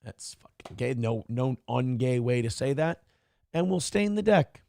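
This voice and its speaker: A man's voice: mid-range voice, lively intonation, measured pace, vocal fry, a little mellow. A man from Minnesota hosting a morning show, reading live chat aloud and riffing on it with crude, irreverent commentary. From Minnesota, USA.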